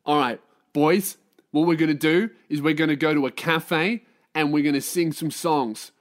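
A man's voice: on the high side, moderate pace, close to an everyday voice. A man voicing a laid-back male mate with an Australian accent and a lazy, matey drawl. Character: laid-back male mates with bongos and tambourine.

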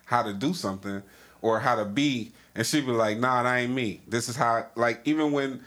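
A man's voice: medium pitch, moderate pace, fairly bright tone. Podcast host, man, AAVE slang, candid, rambling, casual chat.

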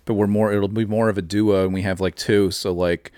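A man with a South Jersey accent, co-hosting a podcast, riffing fast and rambling with plenty of swearing. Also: lowish voice, flat delivery, a little mellow, clear, resonant tone, no echo, studio quality. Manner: rapid, rambling riffs, profane. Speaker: podcast co-host. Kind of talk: casual chat.

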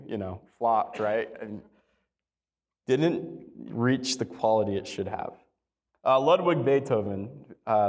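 A man preaching a sermon in a relaxed, conversational way, with light humor and slow, deliberate reading of quotes. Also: medium pitch. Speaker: pastor.

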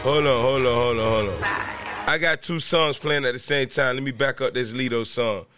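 A man's voice: medium pitch, normal speed, fairly bright tone, soft background music. A man hosting a casual podcast from a room at home, ranting in an agitated, repetitive way and raising his voice at times. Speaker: podcast host.

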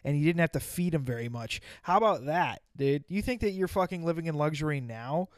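A man with a slightly higher voice tells long, profane stories in loose casual chat. He restarts often and piles on fillers. The sound is dry and close to the mic. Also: animated, a little fast, no echo. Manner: profane, rambling storyteller with many restarts.

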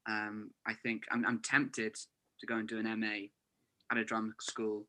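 Bright-voiced young man chatting. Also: lowish voice, completely flat delivery, moderate pace. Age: 20s. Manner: earnest, frequent "you know" fillers. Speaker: podcast guest, actor. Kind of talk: casual chat. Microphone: remote call.

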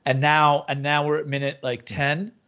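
A man's voice: fairly high pitch, flat delivery, normal speed, bright, forceful tone. A man in his thirties, a father co-hosting a podcast, talking casually with lots of stops, restarts and fillers. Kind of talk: casual chat. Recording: slightly muffled recording.

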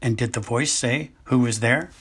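A man reading aloud as an impatient teenage boy who presses with urgent questions, in a husky voice. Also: mid-range voice, moderate pace, fairly bright tone. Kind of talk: amateur audiobook reading.

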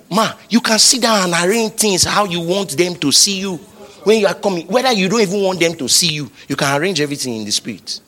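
Brief: Nigerian male pastor, a bit high-pitched, bright ringing tone, swings from quiet asides to shouted refrains. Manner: impassioned preaching, building to shouted repetitions. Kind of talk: sermon.

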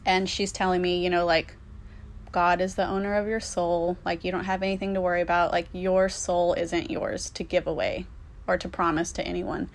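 A young woman talks casually about her own past, full of "um" and "like", cursing without a second thought. Her voice sits a little on the low side for a woman. She tells it plainly and openly, as if to friends. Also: level tone, moderate pace. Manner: candid, swears freely, many fillers. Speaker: storyteller. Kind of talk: casual personal storytelling.

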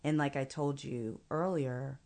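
Middle-aged woman, low voice, earnest storyteller, slows for weight. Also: steady tone, darkish tone. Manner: earnest, measured, slows for emphasis. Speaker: guest. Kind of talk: personal storytelling in conversation.

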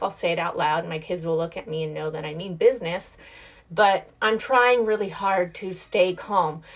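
Earnest woman podcaster sharing her faith. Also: fairly low pitch. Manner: earnest and heartfelt, speaking directly to listeners; conversational, with frequent "like" and restarts. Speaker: podcast host. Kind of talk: casual faith-based talk.

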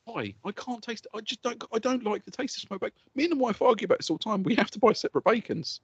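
Male podcast host, sweary mock-angry ranter, quick, husky voice that jumps around in pitch, dull dry lo-fi mic. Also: animated, a bit bright, dry recording. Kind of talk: heated casual banter.

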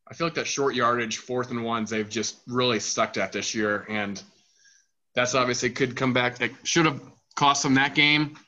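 Bright-voiced rambling sports podcast host. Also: male voice, medium pitch, normal speed, lo-fi sound. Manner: rambling, filler-heavy, animated. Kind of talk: casual sports talk.

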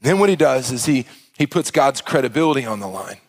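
A man preaching a sermon as pastor, impassioned, with stammering restarts and swings from hushed to loud. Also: mid-range voice, animated, brisk.

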